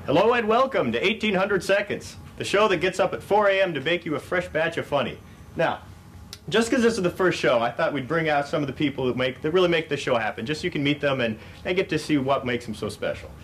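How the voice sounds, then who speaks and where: A man's voice: fairly high pitch, lively intonation, fast, a bit bright, slight background noise. A man hosting a comedy sketch show, upbeat and stumbling over his words. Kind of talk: mock talk-show hosting.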